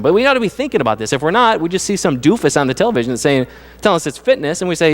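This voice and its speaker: A man's voice: fairly high pitch, racing. A middle-aged man giving a sermon as pastor, talking conversationally and acting out voices. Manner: conversational, animated, acts out quoted voices. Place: church sanctuary. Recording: church sanctuary with long reverb.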